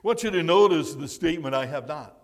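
Male pastor, fairly high voice, emphatic and repetitive delivery, long hall reverb. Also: lively intonation, fast. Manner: emphatic, repeats key words. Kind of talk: sermon.

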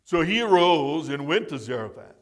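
Guy preaching a sermon, kinda high voice, hammers words home, big echoey church. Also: big pitch swings, normal speed. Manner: emphatic, repeats key words. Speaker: pastor. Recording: long reverb of a large hall.

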